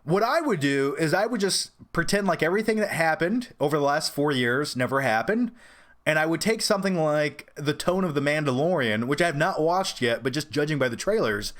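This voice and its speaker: A man hosting a casual live-stream question-and-answer session about films. His voice sits somewhat high, and he rambles in an opinionated way, restarting sentences as he goes. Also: fairly bright tone. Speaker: host of a film review channel.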